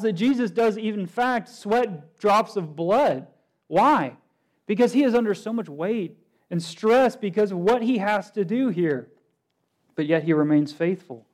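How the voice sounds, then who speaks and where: A man's voice: high voice, darkish tone, low-quality recording. A man preaching a sermon as pastor, asking his listeners many rhetorical questions.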